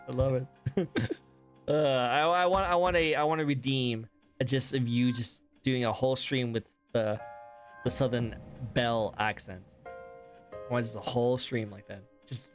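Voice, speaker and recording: An American man hosting a casual online interview, excitable and laughing often, with plenty of fillers. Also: medium pitch, moderate pace, faint music behind. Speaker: host.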